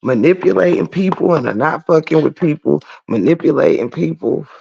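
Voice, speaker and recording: A man's voice: on the high side, expressive, moderate pace, creaky, breathy edge. A man hosting a casual livestream, reading the chat and ranting bluntly with lots of profanity. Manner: blunt and profane, shouts in laughter. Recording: dull lo-fi stream audio.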